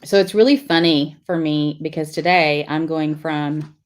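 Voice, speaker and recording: A middle-aged woman chats her way through a live craft lesson. Her voice sits a little low, and she talks loosely and warmly to viewers while she draws, picking up their comments as she goes. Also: measured pace. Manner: chatty, reads viewer comments aloud while drawing. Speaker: lettering class host.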